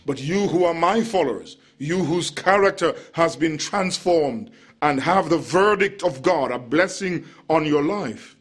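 A male preacher with a slightly high, husky voice delivers an expository sermon. He is measured and emphatic, stretching out key words. He eases into relaxed, chatty asides.

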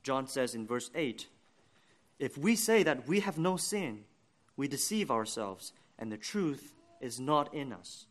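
A man's voice: mid-range voice, very animated. Earnest male preacher giving a sermon. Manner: earnest, deliberate preaching with rising emphasis.

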